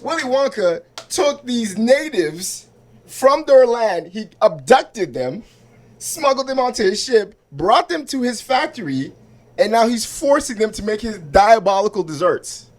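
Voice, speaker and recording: A man with a high voice does stand-up at an open mic. He talks loosely and conversationally, checking in with the crowd again and again. He is heard on a handheld mic on a small club stage. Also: sing-song, unhurried. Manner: conversational, asks crowd for agreement. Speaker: stand-up comedian.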